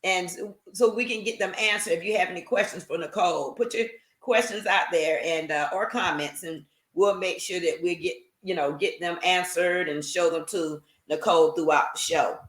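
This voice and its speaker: A woman's voice: fairly low pitch, moderate pace, hardly any pauses, roomy sound. A woman hosting an online interview show, chatty and affirming, reading out viewer comments and asking questions. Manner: affirming, chatty, frequent agreeing. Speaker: show host. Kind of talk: casual interview chat.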